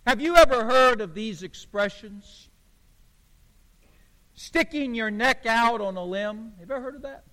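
A pastor from the United States preaches in a strikingly high voice, leaning hard on each point. He speaks slowly and deliberately. His sermon rings with the long reverb of a church sanctuary. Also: animated, bright, forceful tone. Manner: emphatic, slow and deliberate, preacherly cadence.

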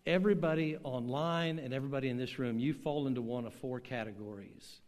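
An older man preaching a sermon, telling a story slowly and emphatically with dramatic pauses, to a church room and an online audience. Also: mid-range voice, a little mellow. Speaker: pastor. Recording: long hall reverb.

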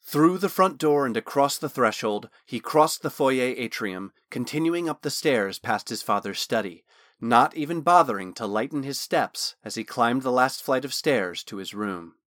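A man reading a fantasy novel aloud in steady, measured scripted narration. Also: medium pitch, no room sound, clean studio sound. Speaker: audiobook narrator.

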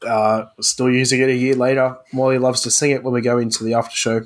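A man's voice: medium pitch, flat delivery, quick pace. A man hosting a podcast in loose, joking chat, often stumbling and restarting his sentences. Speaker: podcast host.

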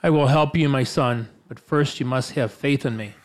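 A man voicing a booming, majestic male voice from the sky in a spoken joke. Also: moderate pace, lightly acted. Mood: solemn. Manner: grand, solemn delivery.

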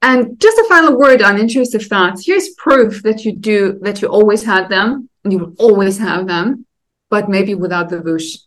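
A woman's voice: medium pitch, expressive, moderate pace. A woman anxiety coach co-hosting a podcast, explaining in a conversational way and asking listeners to notice their own thoughts. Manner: conversational, often asks listeners to catch themselves. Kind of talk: casual podcast chat.

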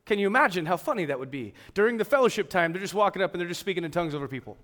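Man preaching, loud and hushed by turns. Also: high-pitched, animated, racing. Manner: emphatic preaching that swings between loud and hushed. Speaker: pastor. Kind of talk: sermon.

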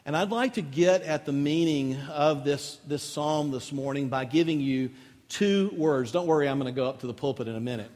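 A man's voice: fairly high pitch, moderate pace, a little mellow. A man preaching a sermon as pastor, conversational and rising into emphatic lists. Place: church sanctuary. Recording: long reverb of a large hall.

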